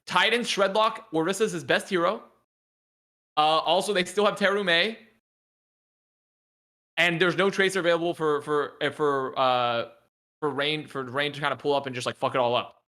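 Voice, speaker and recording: A man co-hosting an esports podcast, excitable and joking as he argues his picks. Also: on the high side, moderate pace, pauses often. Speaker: podcast co-host and esports caster. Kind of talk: casual esports podcast chat.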